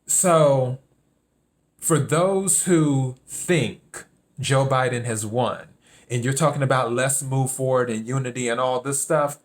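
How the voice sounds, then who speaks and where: A man's voice: mid-range voice, takes it slowly. Emphatic man hosting a solo commentary podcast. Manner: emphatic, repeats key points. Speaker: podcast host. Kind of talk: solo political commentary monologue.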